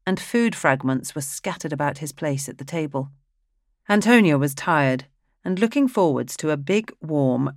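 Woman, low voice, audiobook narration, steady and even, dry close recording. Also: no room sound. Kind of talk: scripted narration.

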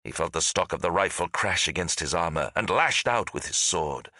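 A man narrating a fantasy audiobook in a dramatic, lively storytelling manner. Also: sits low, moderate pace, no room sound, clean studio sound. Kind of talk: scripted narration.

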